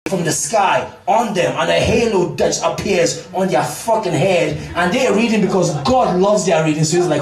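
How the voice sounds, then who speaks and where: A man's voice: sits high, lively intonation, normal speed, few pauses, recorded from a distance. A man performing a stand-up routine in a comedy club, swearing freely and talking straight to the crowd. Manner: profane, addresses the crowd directly. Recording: roomy club recorded from afar with crowd.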